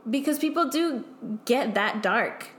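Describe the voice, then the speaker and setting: A woman's voice: sits high, lively intonation, measured pace, a bit bright, a little hiss or hum. Young woman talking openly, echoey room. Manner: emotional, frequent "like" fillers, swearing. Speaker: guest. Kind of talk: candid casual chat.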